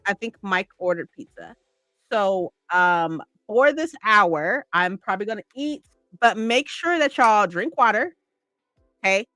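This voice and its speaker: Gushing woman with a bright, close voice. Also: medium pitch, lively intonation, a little slow, no room sound, soft background music. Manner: gushing, rambling, many "like"s and "right?". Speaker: streamer. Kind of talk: casual livestream chat.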